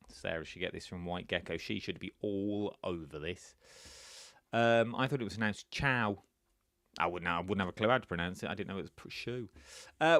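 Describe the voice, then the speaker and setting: A man hosts a live quiz stream in a chatty, playful way, reading viewers' names and answers aloud. His voice sits at a middle pitch but swings up and down a lot. The sound is dry, with no room echo. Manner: playful, jokes about his own pronunciation. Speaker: quiz host.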